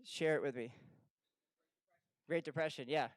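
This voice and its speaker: A man talks to a live audience with a high, smooth, resonant voice, keeping the talk energetic and conversational and often asking the room questions. The sound is dry and close. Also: a little slow, dry recording. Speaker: financial advisor speaking at a seminar.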